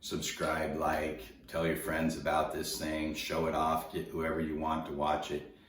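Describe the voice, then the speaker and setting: Man, middle-aged, very deep voice, rambling casual storytelling, slight hiss, echoey room. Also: completely flat delivery, measured pace, fairly bright tone, recorded from a distance. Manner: rambling, repeats words, acts out quoted dialogue. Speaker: vlogger telling his story. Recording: echoey room, voice set back from mic.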